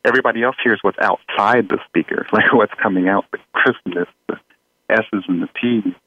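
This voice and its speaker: A man, an audio engineer guest in an interview, talking in a relaxed way with frequent fillers and small laughs. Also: on the low side, normal speed, slight background noise. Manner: relaxed, chuckling, many fillers. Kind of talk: conversational interview. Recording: tinny phone-like line.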